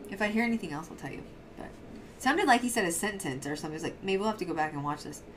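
A woman with a lowish voice and a fairly bright tone hosts a casual paranormal podcast, talking quickly. She's a bubbly, rambling storyteller who laughs often, and there's slight background noise.

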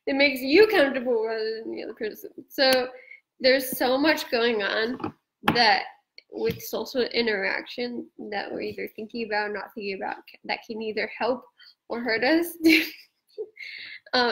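Woman host, from Australia, live-stream talk, explanatory, slightly high pitch. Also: moderate pace, a bit bright, rough recording. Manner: explanatory, conversational.

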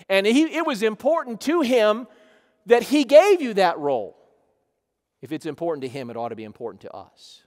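A man from Ohio, a pastor preaching a sermon emphatically, often saying "listen" and swinging between loud and soft. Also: mid-range voice, in a large hall. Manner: emphatic preaching, repeating "listen", rising and dropping volume. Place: church sanctuary.

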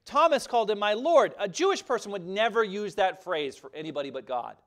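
Male pastor, emphatic conversational sermon, high and lively voice, quick asides.

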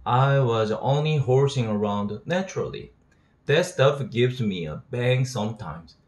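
A man's voice: medium pitch, animated, unhurried. A man, an English teacher reading a novel aloud steadily and voicing its dialogue. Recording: roomy echo.

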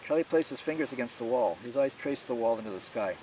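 A male author narrates his own novel in a steady, measured reading. His voice sits in a middle range. The mic is a bit distant with faint noise underneath. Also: medium pitch. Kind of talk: audiobook narration.

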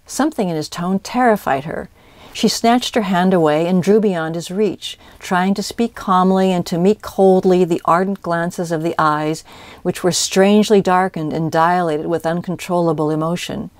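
Low-voiced woman reading a story aloud. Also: normal speed, no room sound. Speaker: audiobook reader. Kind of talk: scripted narration.

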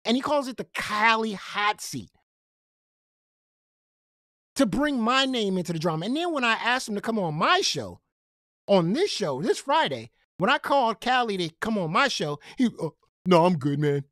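A man's voice: high voice, sing-song, normal speed, bright, forceful tone, no room sound, studio quality. A man hosting a gaming commentary channel, ranting in a profane, confrontational way and repeating himself when heated.

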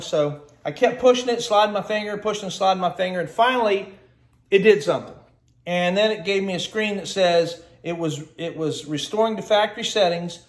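A man with a high, brisk voice films a folksy home how-to walkthrough beside his kitchen refrigerator on a handheld phone camera, chatting and grumbling as he goes. The room sounds echoey.

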